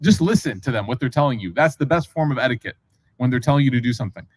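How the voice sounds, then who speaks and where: A mid-range, slightly rough male voice speaks very fast over a rough recording. The preacher delivers a religious story as a casual lecture, acting out the voices of the people involved and frequently breaking off for asides.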